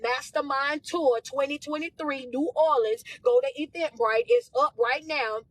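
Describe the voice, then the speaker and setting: A woman's voice: high-pitched, a little slow. A woman life coach on a livestream, talking casually and energetically as she thanks viewers by name. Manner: energetic, warm shout-outs in casual slang. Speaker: motivational speaker and life coach.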